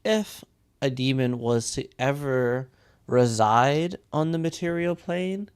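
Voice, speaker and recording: Male game master, mid-pitched, unhurried lore explainer, drawn-out delivery. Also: a little mellow, smooth. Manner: slow, deliberate and drawn-out.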